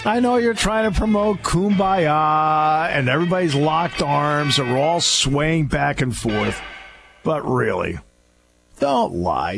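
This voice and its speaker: A man's voice: high-pitched, vocal fry. A man hosting a talk radio show in a studio, delivering an opinionated, sarcastic and scolding monologue.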